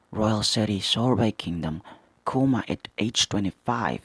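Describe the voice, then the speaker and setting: A man reads manga dialogue at an unhurried pace, then breaks in with excited comments. His low voice has a husky edge. The sound is dry and close to the mic. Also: no echo. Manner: reads character lines in raised voices, excited asides. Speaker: manga reaction host. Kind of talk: reading manga aloud with commentary.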